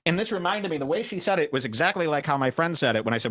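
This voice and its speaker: A man hosting a podcast who reacts to clips with sarcastic, mocking commentary. His voice sits fairly high and swings widely in pitch. He tells animated stories and mimics the people he talks about. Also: racing, hardly any pauses. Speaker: podcast host.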